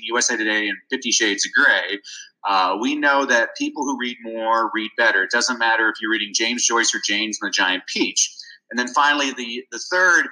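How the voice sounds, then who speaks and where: Bright, animated male storyteller. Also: medium pitch, rough recording. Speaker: guest, reading advocate. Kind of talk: storytelling interview talk.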